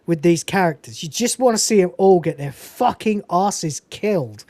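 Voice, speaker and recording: Animated, foul-mouthed woman recapping a film. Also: on the low side, moderate pace, no room sound. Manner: animated, profane, digressive. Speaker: podcast host.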